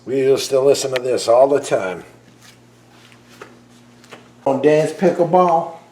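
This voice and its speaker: A man's voice: medium pitch, animated, takes it slowly, darkish tone. A middle-aged man playing a dense, secretive uncle who lives alone in the woods, in a homemade film, with a mumbling, evasive delivery. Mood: wistful. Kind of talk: amateur film acting.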